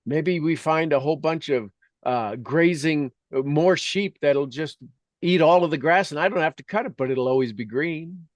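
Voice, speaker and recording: A man's voice: a little high, normal speed, dry recording. A middle-aged man telling rambling, enthusiastic stories as the host of a spoken meditation. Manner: earnest, enthusiastic, rambling storytelling.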